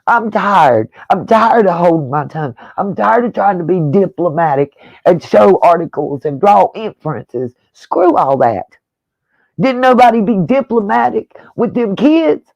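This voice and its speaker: Woman YouTuber, gravelly, combative and profane, dry close recording. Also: medium pitch, a little mellow, no room sound, poor audio. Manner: repeats pointed rhetorical questions. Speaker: true-crime YouTuber. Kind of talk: angry on-camera rant.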